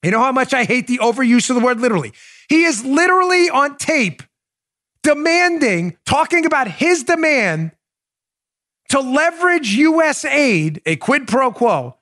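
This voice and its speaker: A man's voice: extremely high pitch, big pitch swings, normal speed, pushed and bright. A man hosting a political talk show, delivering emphatic opinionated commentary full of rhetorical questions and direct appeals to his audience. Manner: emphatic, addresses audience as folks; rhetorical questions, restarts sentences.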